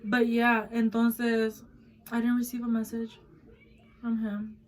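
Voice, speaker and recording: 19 yr old girl vlogging, blunt and cussing a lot, flips between english and spanish, a bit high voice. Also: completely flat delivery, takes it slowly, poor audio. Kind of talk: casual storytime chat.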